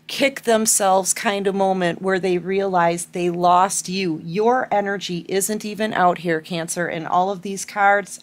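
A woman doing a collective tarot reading, with a voice sitting at an ordinary middle pitch for a woman. She talks to her viewers in an affectionate, chatty way, rambling and circling back over her words as she lays out the cards. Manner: rambling with many fillers and repeats. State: out of breath. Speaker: tarot reader.

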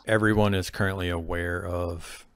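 Man, game master, low voice, patient rule explainer, voice chat mic. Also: steady tone, moderate pace, smooth, no room sound. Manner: patient, explains rules step by step. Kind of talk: running an online tabletop game. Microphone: voice chat microphone.

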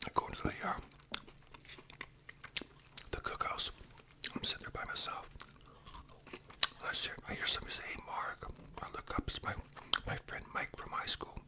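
Man in his 60s, whispered ASMR storytelling, rambling, tag questions, hushed voice. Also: moderate pace, pauses often.

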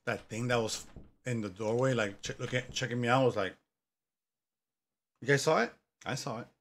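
A man's voice: medium pitch, normal speed, a bit bright. A man giving joking commentary on a horror game, reacting aloud to scares and talking back to the story. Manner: jokey, talks back to the game, yelps at scares. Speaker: gaming commentator.

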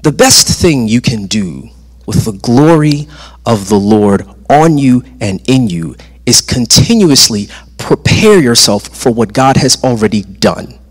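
A male preacher delivers a sermon from the stage with an emphatic, rhythmic style, repeating phrases for effect. His voice is lively in pitch and slightly husky. The sound carries the long reverb of a large church sanctuary.

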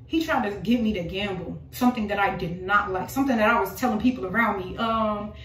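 A woman's voice: medium pitch, brisk, fairly bright tone, distant mic, slight background noise. A woman delivering an informal prophetic sermon, emphatic and repetitive, driving her points home with rhetorical questions. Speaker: preacher. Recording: roomy voice from off the mic.

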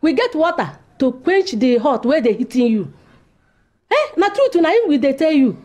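An actress speaking Nigerian Pidgin, playing a blunt, sharp-tongued village mother. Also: sits high, big pitch swings, normal speed. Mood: mocking. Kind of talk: comedic film acting.

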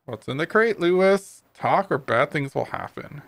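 A man reading a raccoon private detective in a noir video game, low and clipped, threatening when he questions people. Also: animated, moderate pace, no echo. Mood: questioning. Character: gruff raccoon private detective, menacing male.

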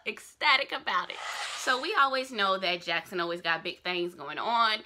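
A young woman from Georgia, chatting excitedly in her fan news vlog and repeating herself as she gushes. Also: fairly low pitch. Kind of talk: casual vlog chat.

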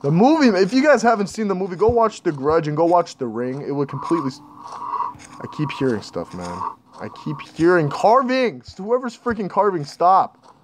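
Young guy freaking out over a scary game, kinda high voice, bit of hiss behind him. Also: expressive, a little fast. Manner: jittery, panicky, talking to viewers. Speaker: gaming channel host. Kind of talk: scared horror gameplay commentary.

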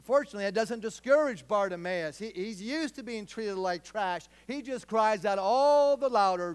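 A man's voice: high voice, animated, moderate pace, hardly any pauses, smooth. A middle-aged man preaching a sermon as pastor, telling stories with earnest, emphatic repetition.

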